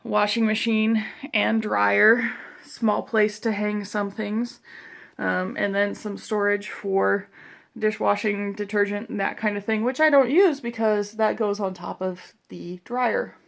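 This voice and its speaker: A woman's voice: mid-range voice, steady tone, slow pace, gravelly. A young woman walking through her own house, chatting casually with self-deprecating asides and a little out of breath. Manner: walking while talking, a bit out of breath. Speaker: vlogger giving a home tour. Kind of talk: casual walkthrough narration. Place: inside her own house, moving room to room.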